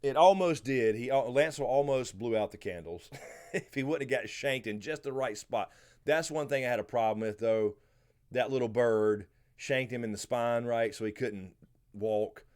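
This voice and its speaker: A man's voice: mid-range voice, normal speed. Laid-back Southern man hosting a livestream. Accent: American Southern. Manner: relaxed, rambling, answers chat by name. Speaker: livestream host. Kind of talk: casual live Q&A chat.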